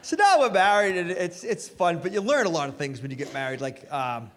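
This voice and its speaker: A man doing stand-up comedy on stage, animated and acting out voices. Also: high voice, a little fast. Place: stage in a hall. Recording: live stage hall reverb.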